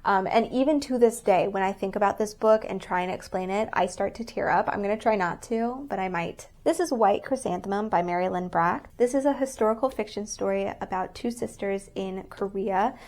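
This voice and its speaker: A woman's voice: mid-range voice, a little fast, hardly any pauses, darkish tone. A woman reviewing books on her vlog, earnest and openly emotional, rambling with frequent restarts. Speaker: book vlogger. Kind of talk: casual book review vlog.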